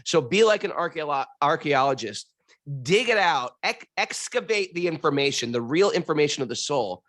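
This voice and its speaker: A man's voice: on the high side, lively intonation, a bit bright, no room sound, studio quality. Playful man in casual spiritual chat. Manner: playful, laughing, quick asides. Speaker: co-host answering questions.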